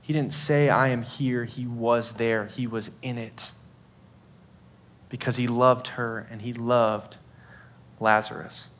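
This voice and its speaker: A man's voice: mid-range voice, steady tone, slow, long pauses, fairly bright tone. A man preaching a sermon to students in a casual, conversational way, full of fillers and acted-out quotes. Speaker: youth pastor.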